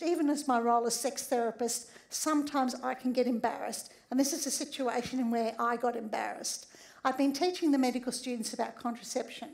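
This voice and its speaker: A high-voiced, middle-aged woman speaks to a room as a sex therapist giving a humorous public talk. She is a lively storyteller who keeps checking in with her listeners and tags many of her lines with "all right?".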